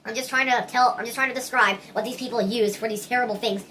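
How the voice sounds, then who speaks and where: A woman's voice: a little high, steady tone, fast, bright, forceful tone. A woman talking straight to camera in a casual opinion vlog, earnest and rambling, restarting her sentences often. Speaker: vlogger.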